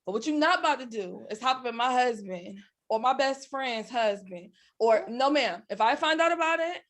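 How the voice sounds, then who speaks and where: High-pitched lady co-host, sassy and playful, slangy podcast chat. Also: lively intonation, normal speed, fairly bright tone. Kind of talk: casual faith podcast chat.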